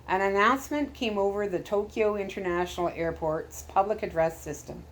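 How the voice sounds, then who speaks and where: A woman storyteller reading chapters of a storybook aloud in a calm, steady way. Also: medium pitch, unhurried, a little hiss or hum.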